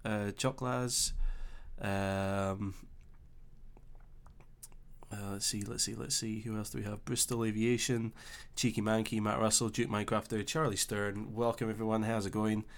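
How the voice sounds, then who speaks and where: A young man with a Scottish accent hosting a casual live stream, chatting easily and reading out viewer comments with relaxed filler pauses. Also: on the low side, creaky. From Scotland. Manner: chatty and easygoing, thinking aloud with filler pauses.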